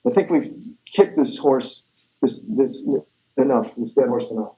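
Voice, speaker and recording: A man's voice: medium pitch, lively intonation, a little slow, reverberant, low-quality recording. A man lecturing a math class, rambling and correcting himself as he goes, with the odd chuckle. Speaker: math professor.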